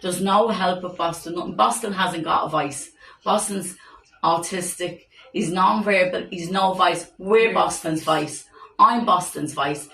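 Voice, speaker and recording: A woman's voice: on the low side, a little slow, vocal fry, sharp tone. A middle-aged woman who speaks emphatically and urgently for her grandchild. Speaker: grandmother of an autistic child. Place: hospital room. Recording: echoey room from far off, faint noise.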